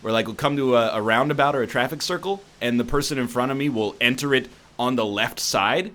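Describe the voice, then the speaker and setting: A young man chatting casually during a game, telling animated stories, swearing and mimicking others. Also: medium pitch, fairly quick. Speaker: co-host playing a golf game. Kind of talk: casual banter while gaming.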